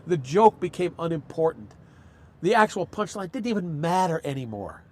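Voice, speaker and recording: A man's voice: on the high side, sing-song, moderate pace, mellow. A man, a comedy writer, reminiscing in rambling casual chat.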